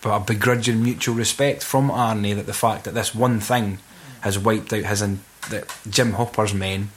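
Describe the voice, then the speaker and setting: A man's voice: fairly low pitch, fairly even intonation, moderate pace, a little hiss or hum. A young Scottish man in casual, sweary conversation about a film. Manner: sweary, laughing, slips into mock voices.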